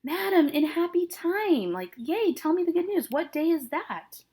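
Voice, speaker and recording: A woman's voice: extremely high pitch, sing-song, warm tone, voice pushed up, full character voice. Juliet, a woman reading as a defiant teenage girl. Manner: slow, emphatic reading of verse. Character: defiant teenage noble girl, refusing marriage. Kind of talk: dramatic reading of a play.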